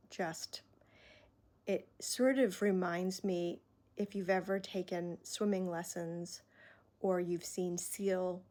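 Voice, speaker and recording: A woman talking in a reflective personal vlog, earnest and emotional, pausing often and sighing. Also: on the low side, a little mellow. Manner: slow, heartfelt, pausing often with sighs. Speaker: vlogger.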